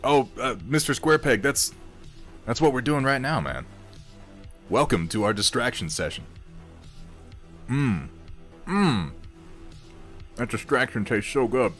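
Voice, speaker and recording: A man's voice: medium pitch, lively intonation, a little slow, long pauses, fairly bright tone, soft background music. A man hosting a casual livestream, chatting wryly with viewers in a rambling way while he eats and paints miniatures.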